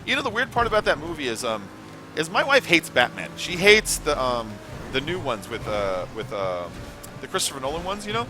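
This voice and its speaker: A man's voice: on the high side, huge pitch swings, brisk, noisy background. A man hosting a live gameplay stream, chatting in a rambling, casual way, swearing now and then and reading chat messages aloud. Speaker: gaming livestream host.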